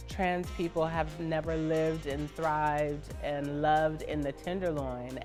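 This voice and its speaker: A woman's voice: sits low, darkish tone. A woman in her fifties from Northern California, frankly telling her life story and acting out the voices of the people she quotes. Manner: frank, salty, laughs as she talks. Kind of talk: personal storytelling.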